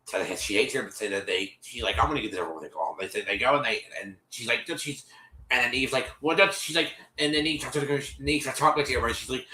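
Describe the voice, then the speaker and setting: A man hosting a stream, retelling a reality episode in casual chat, animated and exasperated, with many restarts. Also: mid-range voice, a little fast. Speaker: show host recapping an episode. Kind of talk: casual storytelling recap. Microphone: streaming setup. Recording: echoey room.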